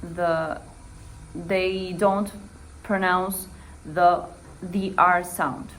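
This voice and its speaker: A woman's voice: lowish voice, flat delivery, very slow, fairly bright tone, a little hiss or hum, low-quality recording. A young woman student giving a class presentation for an assignment, hesitant and dotted with "eh" fillers.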